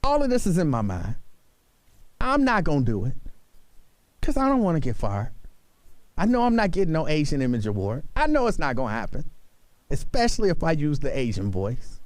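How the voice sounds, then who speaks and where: A man hosting a radio talk show, bantering and arguing in a mock-serious, animated way. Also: a little high, brisk, no room sound.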